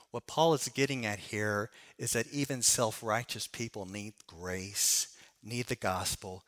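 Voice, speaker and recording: A man preaching a sermon on a Bible passage, emphatic and swinging between raised and hushed delivery. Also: medium pitch.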